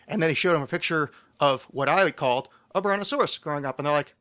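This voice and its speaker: A man's voice: a little high, fast talker, few pauses, pushed and bright. A man hosting a casual solo podcast, rambling in a loose, profane, self-deprecating way. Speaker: podcast host.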